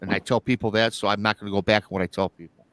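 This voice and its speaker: A man's voice: lowish voice, steady tone, very fast, a bit bright, no echo. A man hosting a live show, retelling a listener's story in a rambling, casual way and acting out the quoted lines. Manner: rambling, repeats himself, acts out quoted lines.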